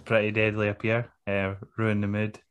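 A man's voice: lowish voice, monotone, moderate pace, clear, resonant tone. A man co-hosting a casual podcast chat, laughing often, swearing and joking as he recaps a show. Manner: laughs often, swears, does mocking voices. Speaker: podcast co-host.

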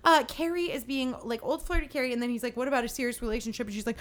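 A young woman hosting a podcast, recapping a TV episode in a chatty, sarcastic way with playful quick impressions. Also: fairly high pitch. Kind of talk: casual comedic recap.

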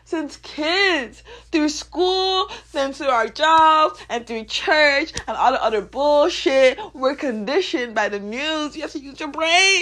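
A woman of twenty-one talking unscripted on her podcast about heart and spirit, casual and swearing, swinging from low musing to loud laughing bursts. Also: expressive, takes it slowly, few pauses.

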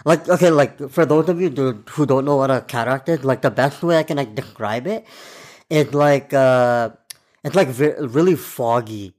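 A man's voice: medium pitch, normal speed, darkish tone. A man, hosting a podcast alone and telling stories in a loose, rambling way, swearing often and filling gaps with "like.". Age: 20s. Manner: loose, profane and rambling, full of fillers. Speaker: podcast host. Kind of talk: casual storytelling monologue.

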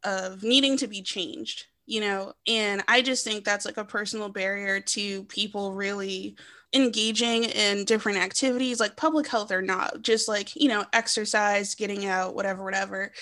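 Female podcast host, mid pitch, reflective and conversational. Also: fairly bright tone. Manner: reflective, conversational, with many fillers. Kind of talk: casual podcast chat.

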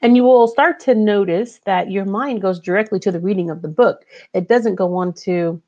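A woman's voice: mid-range voice, normal speed, few pauses, darkish tone. A woman life coach giving an earnest, conversational motivational talk who acts out her inner voice now and then. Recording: dull lo-fi recording.

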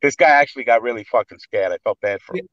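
Talking quickly in a medium-pitched voice, the guest, an actor and private chef with a New York accent, tells animated, profane, blunt stories in a casual way. The audio is dull, with no room sound.

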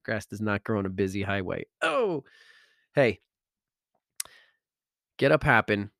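A man's voice: lowish voice, sing-song, a little slow, creaky, fairly bright tone, no room sound, clean studio sound. A man, an author and speaker, telling his story with feeling, often stumbling over repeated words and laughing. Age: adult, father of school-age kids. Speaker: self-help author and speaker. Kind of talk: emotional personal storytelling.

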